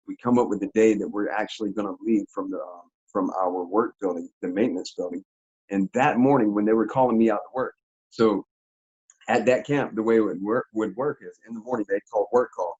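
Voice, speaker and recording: A man telling a story in an interview, in a casual, animated, slangy way with frequent laughs. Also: lowish voice, breathy edge, highs cut off. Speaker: interview guest.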